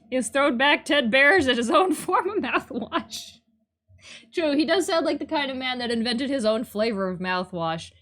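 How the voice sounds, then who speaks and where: A young woman on a live stream, talking fast and cracking jokes as she reads. Her voice sits high and swings widely in pitch. She swears casually and keeps up a running commentary into her streaming mic. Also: fairly bright tone. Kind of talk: casual live-stream reading of a visual novel.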